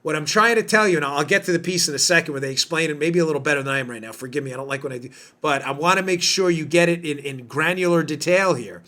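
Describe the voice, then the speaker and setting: A man's voice: fairly high pitch, fast talker, few pauses, bright, forceful tone. A man hosting a political podcast, talking in an emphatic, indignant way with lots of rhetorical questions. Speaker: podcast host. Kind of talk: political commentary monologue.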